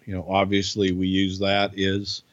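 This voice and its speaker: A man casually telling a profane, animated anecdote on a podcast. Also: deep voice, moderate pace, no room sound. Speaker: podcast storyteller. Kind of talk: casual storytelling. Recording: dull lo-fi podcast audio.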